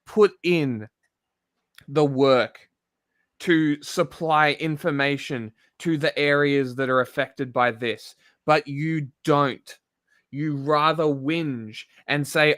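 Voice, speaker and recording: A man's voice: on the high side, slow pace, a bit bright, dry recording, clean studio sound. An Australian man streaming, ranting bluntly and swearing a lot as he reacts to a video. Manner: blunt, heavy swearing, exasperated. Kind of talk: casual profane rant.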